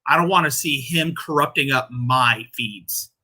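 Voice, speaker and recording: Slow, very bright-voiced man commentator. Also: mid-range voice, breathy edge. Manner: crude, rambling, laughing at his own jokes. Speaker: commentary channel host. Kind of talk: casual reaction commentary.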